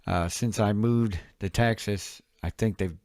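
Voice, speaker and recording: A man's voice: lowish voice, a little slow, darkish tone. A middle-aged man chatting casually about records in his home office, rambling with many fillers and self-corrections. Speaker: record collector reviewing albums. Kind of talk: casual vlog chat. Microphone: mic on a stand near the camera.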